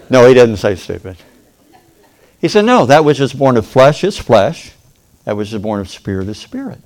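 A man with a drawl preaches with a folksy, joking ease. His voice sits at an ordinary middle pitch. He acts out little voices and sounds along the way and calls on the congregation for an amen. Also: darkish tone. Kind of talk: sermon.

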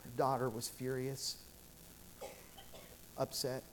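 A man's voice: mid-range voice, completely flat delivery, takes it slowly, a little hiss or hum. A male pastor preaching a sermon in a church sanctuary, telling stories in an earnest, repetitive way with frequent restarts.

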